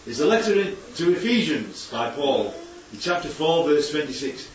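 Lively, chatty preacher. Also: male voice, a little high, moderate pace, few pauses, a little hiss or hum. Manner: chatty, asks the congregation rhetorical questions. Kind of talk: conversational sermon. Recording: echoey hall, distant, dull mic.

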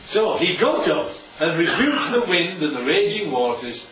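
A man with a high, very animated voice, a little slow and a bit bright, preaches to a Bible study group, with a little hiss or hum in the audio. He checks in with "right?" after nearly every point, in an echoey room recorded on a distant, dull mic.

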